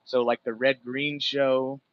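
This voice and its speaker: Dude from alaska whittling on a livestream, swears a ton, rambles, dull lo-fi phone sound. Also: male voice, mid-range voice, flat delivery, takes it slowly, dry recording. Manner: profane, rambling storytelling. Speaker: livestream host. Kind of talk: casual livestream chat while whittling. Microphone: phone set far from him.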